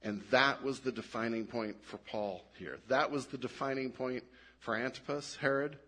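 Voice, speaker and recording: A man preaching a sermon, animated and given to restarts, dropping low and quiet to stress his points. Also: moderate pace. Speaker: pastor.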